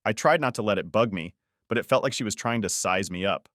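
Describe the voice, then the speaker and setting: Low-voiced male storyteller, dry close sound. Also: fairly quick, a bit bright, dry recording. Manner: casual, plain, conversational storytelling. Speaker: narrator. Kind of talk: scripted first-person story narration.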